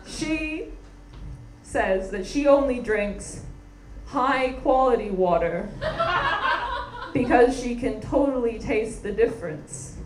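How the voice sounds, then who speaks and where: A young woman performing a stand-up comedy set, telling stories in a sardonic, animated way and mocking people with quick impressions. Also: fairly high pitch. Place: comedy stage with live audience. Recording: echoey room with background noise.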